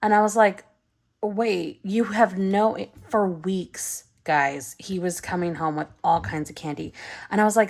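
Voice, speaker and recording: A woman in her thirties chatting casually and giggling while she counts cash for budget savings, her voice trailing off into soft counting. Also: medium pitch, a little slow, vocal fry. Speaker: budgeting vlogger.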